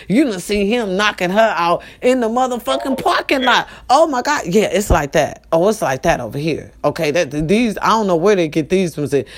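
A woman hosting a casual talk show, telling a story straight to her listeners. She talks in a loose, animated way, full of profanity and asides to the audience. Her voice sits at an ordinary middle pitch.

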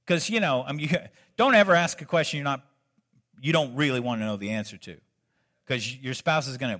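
A man's voice: medium pitch, a little fast, fairly bright tone. A male pastor preaching a sermon in a conversational way, breaking in with joking asides.

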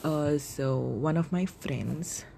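Gravelly low-voiced young woman podcasting. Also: slow pace, warm tone, slight background noise. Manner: rambling, frequent swearing and self-corrections. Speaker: podcast host. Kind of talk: casual solo podcast.

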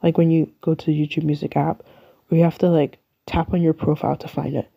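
A woman's voice: low voice, little pitch movement, fast, gravelly, breathy edge, lo-fi sound. A young woman from the UK with an English accent, chatting and rambling through her solo podcast in a self-mocking way. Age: young adult. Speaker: podcast host. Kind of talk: casual solo podcast chat.

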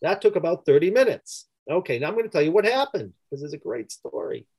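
A man with a notably high voice tells a story from his therapy work, leaning hard on key words and repeating them for emphasis. He speaks in a conversational, unscripted way. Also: sing-song, fast, a little mellow, husky, poor audio.

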